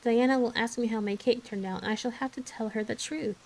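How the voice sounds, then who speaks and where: A woman voicing an excitable, dramatic young orphan girl who pleads breathlessly in a raised voice. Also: fairly high pitch, brisk, slight background noise, natural voice. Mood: tearful.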